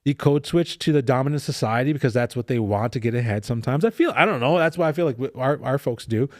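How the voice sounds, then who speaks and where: A middle-aged man chatting as a podcast guest, animated and profane as he tells stories. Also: medium pitch, quick pace, dry recording, studio quality. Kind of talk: casual chat.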